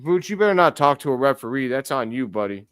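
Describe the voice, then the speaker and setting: A man hosting a live stream, giving casual play-by-play commentary as an excitable fan who talks to his chat. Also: mid-range voice, quick pace, clean tone, no room sound, studio quality.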